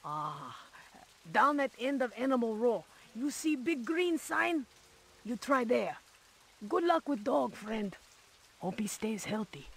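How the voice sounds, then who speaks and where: Very high, gravelly game fish seller, slow and pushy, broken english. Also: male voice, big pitch swings, fairly bright tone, exaggerated voice. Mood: sly. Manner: broken English sales patter.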